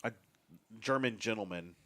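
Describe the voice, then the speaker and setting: Give me a man running a tabletop game with a low voice and loose, halting narration. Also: bright, forceful tone, no echo. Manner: loose, halting, with many fillers and restarts. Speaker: game master.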